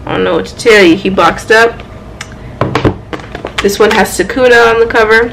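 A young woman chatting casually at home about her manga haul, excitable and playful, with loud exclamations and quick asides. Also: on the high side, gravelly, background noise. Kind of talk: casual chat.

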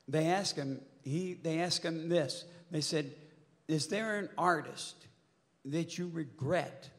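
An older man with a slightly high voice spins an animated story for a convention crowd, swearing and shouting at the peaks. His voice rings out with a long hall reverb from a handheld stage mic. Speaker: convention panel guest.

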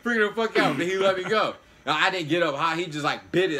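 A young man hosting a reaction video, telling a long story in loose, slangy, animated casual chat. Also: a little high, fast talker.

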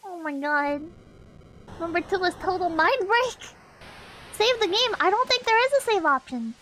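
A woman's voice: very high voice, lively intonation, moderate pace, a bit bright, a little hiss or hum. A woman streamer giving casual, brash game commentary, swearing often and laughing a lot.

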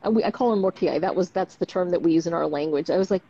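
Husky-voiced woman doctor, frank and animated. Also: fairly low pitch, quick pace, hardly any pauses. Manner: frank, animated storyteller with many tag questions. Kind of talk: casual conversation on a live stream. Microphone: video call. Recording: dull lo-fi live stream audio.

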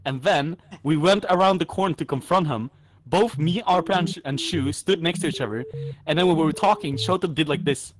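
A man's voice: on the high side, fairly quick, a little hiss or hum, poor audio. A man in a casual gaming chat giving rambling, defensive explanations. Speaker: streamer playing a social deduction game.

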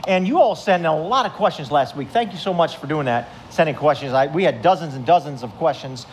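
A man's voice: fairly high pitch, expressive, a little fast, a little hiss or hum. A man preaching a conversational sermon to a congregation at a church service, telling stories and putting questions to his listeners. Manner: chatty, storytelling, asks the congregation questions. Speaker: pastor.

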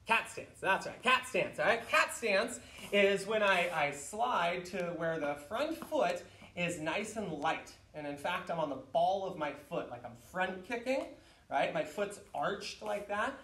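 A man leading an online martial arts class, explaining stances and shouting counts and drill commands. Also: high voice, lively intonation, measured pace. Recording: roomy echo, mic far off.

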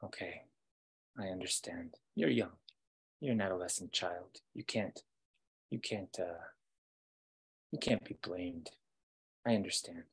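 A man's voice: low voice, unhurried, vocal fry, long pauses, husky, exaggerated voice. A man voicing a wise great gray wolf. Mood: gentle. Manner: patient, instructive.

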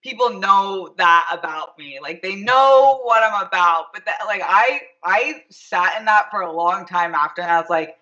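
A man talking as a panel guest, gushing and quick to laugh. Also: high-pitched, muffled recording. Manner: gushing, animated, laughs easily. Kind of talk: casual panel chat.

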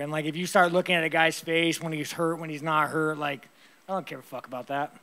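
A tired man fielding post-fight press questions in a gravelly, slightly high voice. He rambles bluntly and swears constantly, unpolished and offhand. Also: fairly even intonation, fairly quick, sharp tone.

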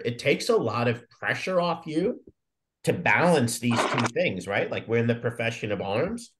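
Middle-aged ex-marine officer, earnest and thoughtful, kinda low voice. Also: male voice. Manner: earnest, reflective, many fillers. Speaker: retired Marine officer, guest. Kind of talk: reflective podcast interview.

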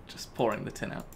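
A man's voice: a bit bright, a little hiss or hum. A man giving casual Let's Play commentary, talking to himself and laughing at his own mistakes. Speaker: gaming YouTuber.

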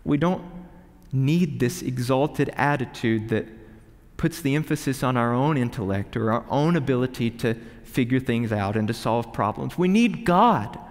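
A man preaching a sermon with earnest emphasis, moving from quiet reflection to urgent pleading. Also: mid-range voice, animated, moderate pace. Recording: reverberant hall.

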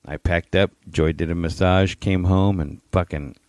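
A man's voice: low voice, fairly even intonation, moderate pace, a little mellow, dry recording, studio quality. A man co-hosting a casual chat, easygoing, with goofy asides. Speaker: podcast co-host.

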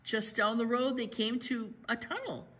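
A woman librarian reading a picture book aloud to children, pausing to chat about the pictures. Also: on the high side, a bit bright, slightly rough. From United States. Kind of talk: children's story read-aloud.

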